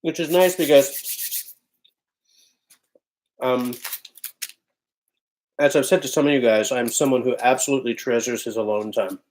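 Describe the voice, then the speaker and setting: A man hosts a livestream from his home, chatting in a loose, offhand manner as he reads out what viewers write. His voice sits at an ordinary middle pitch. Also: a little slow, long pauses, a little mellow, slight background noise. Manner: loose, chatty and offhand, often breaking into laughter. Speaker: livestream host. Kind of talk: casual chat reading out viewer comments.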